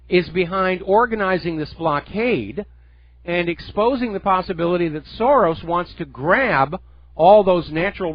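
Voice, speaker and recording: Emphatic, high-voiced radio host, dry sound. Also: male voice, dry recording, dull audio. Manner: emphatic, sarcastic, mocks quoted figures in a put-on voice. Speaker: radio talk show host. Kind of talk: solo political talk radio monologue.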